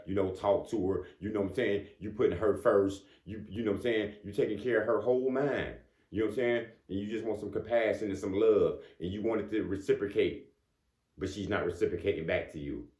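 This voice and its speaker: Low-voiced man giving a casual pep talk. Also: a little fast, darkish tone. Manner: conversational, keeps asking "you know what I'm saying"; chuckles between points. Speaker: motivational speaker. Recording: echoey room.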